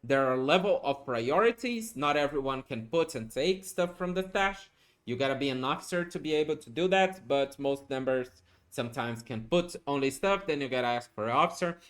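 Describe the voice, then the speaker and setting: A man giving a casual game tutorial, talking through steps while he plays and often checking in with a quick "okay?"; he gets excited when he spots good items. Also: mid-range voice. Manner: chatty, explanatory, ends points with a questioning "okay?". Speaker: gaming guide creator.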